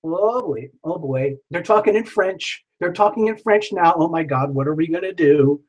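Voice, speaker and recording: With lively intonation and a normal speed, this man reads tarot on a livestream in a voice that's a little high. He keeps it playful with jokes and sing-song asides, over poor audio.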